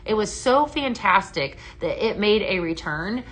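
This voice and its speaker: A woman's voice: mid-range voice, lively intonation, unhurried, a bit bright. A woman hosting a live shopping stream, chatting and gushing over products while she reads out viewer comments, with plenty of fillers. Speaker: live shopping show host. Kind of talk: live product demo chat.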